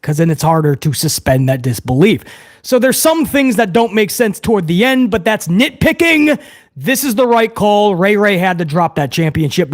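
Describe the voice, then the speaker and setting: A man hosting a live watch-along review, ranting heatedly to his chat with plenty of swearing. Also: sits high. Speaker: host of a wrestling review show.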